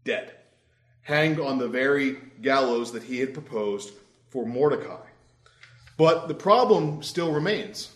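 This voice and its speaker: A man's voice: medium pitch, expressive, measured pace. A young adult man preaching a sermon in a conversational, wry storytelling way. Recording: roomy echo.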